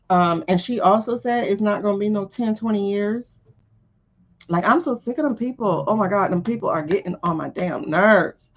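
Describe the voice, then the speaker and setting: A woman's voice: mid-range voice, breathy edge, lo-fi sound. A woman hosting a live tarot stream, chatting casually and bluntly with her viewers. She swears freely and laughs often.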